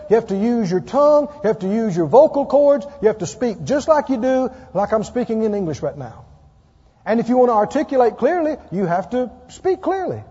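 A man's voice: extremely high pitch, mellow, slightly rough. A man preaching a sermon and leading an altar call, emphatic and pleading in a repetitive preaching cadence. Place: church sanctuary. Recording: dull echoey church recording.

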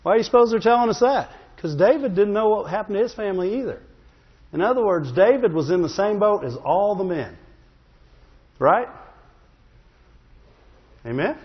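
A man with a high voice preaches in a church sanctuary, and his words ring out with a long reverb. He tells the story in a humorous, conversational way and keeps asking the congregation "Amen?" The recording sounds slightly dull. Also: lively intonation, normal speed, pauses often, breathy edge. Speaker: pastor. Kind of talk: sermon.

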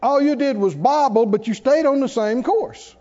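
A man preaching a sermon in a church, animated and playful, acting out worried voices and laughing along. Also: very high voice, normal speed. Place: church sanctuary. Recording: dull sound, long hall reverb.

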